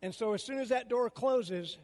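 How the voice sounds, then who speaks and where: A man's voice: very high-pitched, normal speed, darkish tone, in a large hall. An older man preaching a sermon as a pastor, with a conversational style full of rhetorical questions.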